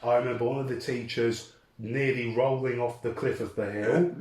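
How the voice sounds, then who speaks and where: A young man hosting a casual interview, recalling old memories in an earnest way. His voice sits at a middle pitch. The recording sounds roomy and distant from the mic. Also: steady tone, normal speed, a little mellow. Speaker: host.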